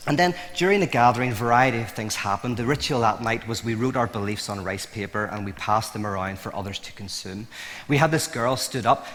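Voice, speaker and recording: A man's voice: lowish voice, fairly quick. Guy telling stories in an interview, keeps restarting, laughs at himself, big echoey hall. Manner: animated, many restarts, laughs at own points. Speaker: interview guest. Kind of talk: conversational storytelling. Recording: long hall reverb.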